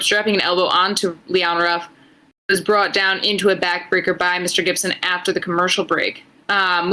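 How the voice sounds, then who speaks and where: A woman's voice: medium pitch, sharp tone, low-quality recording. A woman co-hosting a podcast, giving a casual, swearing play-by-play recap of wrestling matches. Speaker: podcast co-host. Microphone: headphones.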